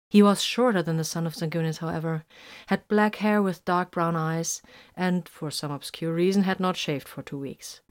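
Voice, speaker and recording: Woman reading a story, lowish voice, steady. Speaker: narrator.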